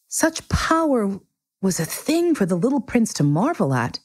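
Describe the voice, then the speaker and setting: A woman reading a children's book aloud in an animated, theatrical way. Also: a little high, a little slow, dry recording. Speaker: reader. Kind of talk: expressive storybook reading.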